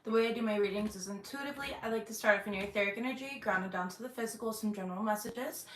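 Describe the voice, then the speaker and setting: A woman hosting her channel from her bedroom, giving a casual intuitive tarot reading, chatty with many "um"s and throat-clearings. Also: mid-range voice, very fast, a bit bright. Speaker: tarot reader and channel host. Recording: echoey bedroom, faint background hum.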